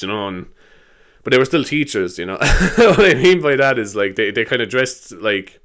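Animated and a bit bright, this mid-range voice belongs to an Irish podcast host in his twenties going solo. His talk drifts between ideas, sweary and full of fillers, and he's quick to laugh.

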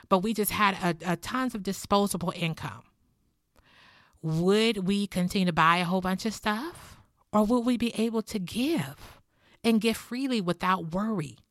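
A woman's voice: medium pitch, no room sound, studio quality. Earnest woman giving a devotional talk. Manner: earnest, heartfelt, personal. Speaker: Christian teacher. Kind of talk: devotional teaching and prayer.

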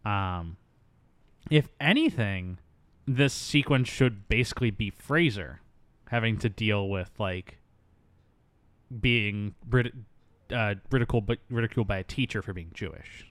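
A man's voice: fairly low pitch, unhurried, pauses often, a bit bright, no echo. A man co-hosting a casual movie-review podcast, riffing with jokey asides. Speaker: podcast co-host.

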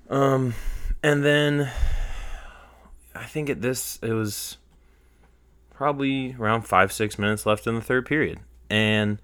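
A young man hosting a solo podcast, rambling in casual chat and getting heated, sometimes close to yelling. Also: lowish voice, moderate pace, dry recording. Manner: rambling, heated, rises to near-yelling when retelling anger. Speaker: podcast host.

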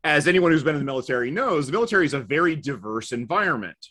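A man's voice: on the high side, big pitch swings, very fast, sharp tone. Wry, storytelling middle-aged man. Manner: wry, self-deprecating storyteller. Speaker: podcast guest. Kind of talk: casual conversational storytelling.

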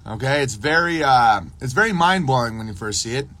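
A man's voice: medium pitch, lively intonation, brisk, fairly bright tone. A man hosting a casual livestream, talking in a rambling monologue full of restarts and acted-out dialogue. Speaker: podcast host.

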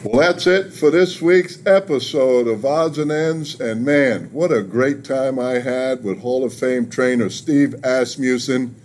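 A man's voice: medium pitch, unhurried, hardly any pauses, a little mellow, slight background noise. A man hosting a podcast interview, friendly and joking as he leads the questions. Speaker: podcast host.

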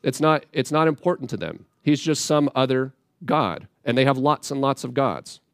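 A man's voice: medium pitch, normal speed, no echo. Casual, plainspoken male preacher, dry sound. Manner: casual, plainspoken, animated asides. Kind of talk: conversational Bible teaching.

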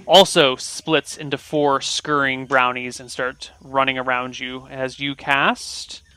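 Bright-voiced man narrating a tabletop game. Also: medium pitch, slow pace, smooth, no room sound. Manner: relaxed, conversational narration with fillers. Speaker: game master.

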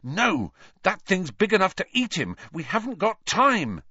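A determined teenage wizard, as a man reading a storybook puts him on pants out urgent, grim lines with a lively, swinging pitch. The sound is dry and a little dull. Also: measured pace, slightly rough, no room sound, exaggerated voice.

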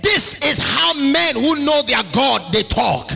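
A man minister preaching a charismatic sermon, shouting in a sing-song cadence and breaking into tongues. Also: extremely high pitch, very animated, slow, creaky, few pauses, faint music behind.

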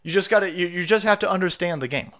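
With a high-pitched, bright voice, this livestream host talks quickly and forcefully, his nose stuffed up from a cold and his breath a little short. He rambles on in a sarcastic, profane, casual way.

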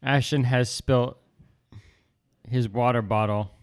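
A man co-hosts a podcast and chats casually. He teases the others playfully, at an ordinary middle pitch. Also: steady tone, takes it slowly. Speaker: podcast co-host. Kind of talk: casual chat.

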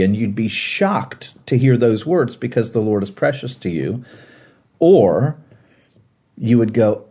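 A man's voice: medium pitch, animated, slow pace, warm tone, husky. A man discussing a Bible passage in an earnest conversational way, sometimes acting out quoted voices. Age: adult, former teacher. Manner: earnest, acts out quoted voices, laughs easily.

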